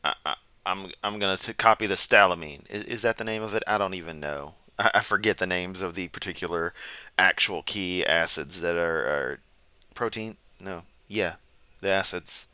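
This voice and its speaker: A man's voice: deep voice, moderate pace, sharp tone, clean tone, no room sound. A man giving sarcastic, rambling reaction commentary from a chair at home. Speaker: commentary streamer. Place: home room, seated.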